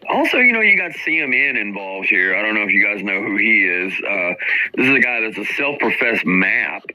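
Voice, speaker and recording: A man's voice: lowish voice, sing-song, brisk, bright, forceful tone, poor audio. A man hosting a stream, ranting with mocking, profane commentary about other people. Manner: combative, mocking, swears constantly. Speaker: streamer host.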